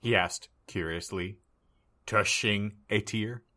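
A man's voice: fairly low pitch, slow, pushed and bright. A man hosting a comedy podcast, narrating a dramatic reading in a wry, mock-earnest manner.

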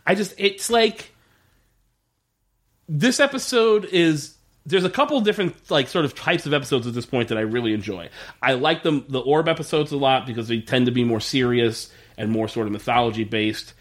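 A man with a mid-range voice, speaking at a moderate pace, co-hosts a casual podcast going over a TV episode. He laughs often, swears freely, and acts out lines from the scenes.

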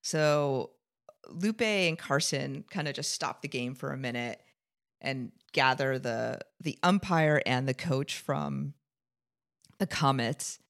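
A woman's voice: extremely low pitch, takes it slowly, gravelly. A woman co-hosting a podcast, recapping a TV episode in casual chat, laughing often and acting out the characters' lines. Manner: animated, laughing, acts out quotes. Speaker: podcast co-host.

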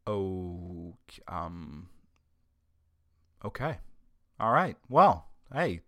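A man's voice: deep voice, very animated, extremely slow, bright, forceful tone, no echo, studio quality. A man hosting a podcast, giving casual political commentary in a sarcastic tone and often stumbling over his words. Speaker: podcast host.

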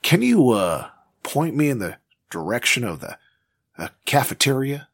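A man's voice: mid-range voice, sing-song, measured pace, husky. A man playing a comic character in a tabletop role-playing game, rambling and hesitant. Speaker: player.

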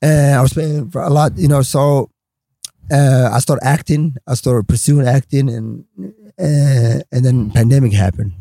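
A man's voice: unhurried, no room sound. A male comedian telling a long story in casual chat, swearing freely and acting out other people's voices. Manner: animated, acts out others with big pitch jumps, swears freely. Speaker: guest comedian.

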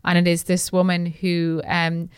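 A woman co-hosting a podcast, speaking in a measured, wry way. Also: lowish voice, completely flat delivery, clear, resonant tone, no room sound, clean studio sound. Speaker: podcast co-host. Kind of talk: casual chat.

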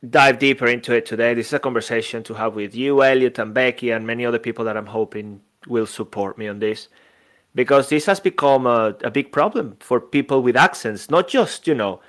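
A man's voice: medium pitch, a little fast, fairly bright tone. A man, hosting a podcast and talking earnestly and conversationally. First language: Spanish or Italian. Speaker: podcast host. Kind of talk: casual podcast chat.

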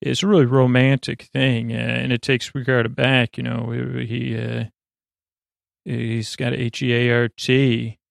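Man, gravelly voice, flat monotone, slow meandering recap, dry close sound. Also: dry recording. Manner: meandering, many uh fillers and 'he goes'; slow, low-key delivery. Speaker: podcast host. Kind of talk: rambling sleep-podcast episode recap.

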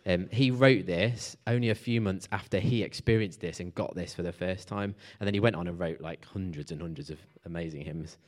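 A man's voice: low voice, a little fast, hardly any pauses. A man preaching a casual, conversational sermon to a church group, with fillers and restarts.

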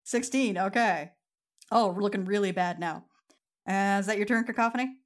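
A woman's voice: mid-range voice, normal speed. A woman acting as game master, calling out rules and narrating the results of attacks. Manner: calm, matter-of-fact rulings.

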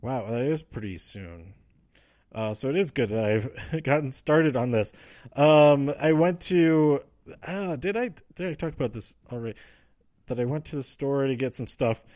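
A man's voice: medium pitch, expressive, darkish tone, no echo. Rambling man, dry close sound. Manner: rambling, frequent fillers and restarts, quotes wrestlers in quick asides. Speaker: podcast host recapping wrestling. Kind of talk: casual rambling recap.

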